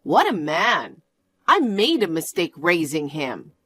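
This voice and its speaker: A woman playing a gentle, apologetic mother. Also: fairly low pitch, big pitch swings, takes it slowly, husky, dry recording, pitched below the performer's own voice, exaggerated voice. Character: caring middle-aged mother, calm and apologetic.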